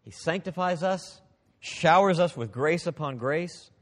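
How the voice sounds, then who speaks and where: A man preaching a sermon, expressive, swinging from loud emphasis to hushed, quiet passages. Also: a little high, unhurried, long reverb tail.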